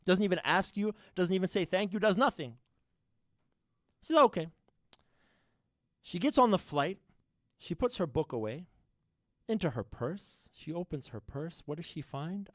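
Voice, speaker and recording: A man giving a sermon, telling a story to the congregation with lively shifts in loudness and addressing them as brothers and sisters. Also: high voice, dry recording, studio quality. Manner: animated, shifts loudness widely, addresses the audience directly. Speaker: speaker at a religious program. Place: mosque or community hall.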